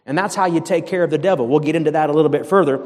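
Pastor from the area, male, high-pitched, fervent and chatty, heard with long reverb. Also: rapid-fire. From Boston area, USA. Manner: fervent, conversational preaching with repeated emphatic commands. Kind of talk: sermon.

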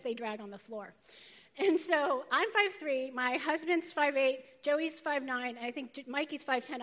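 Middle-aged woman pastor, feisty and lively sermon delivery with quick laughs; high voice, big reverberant church hall. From northern United States. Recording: long reverb of a large hall.

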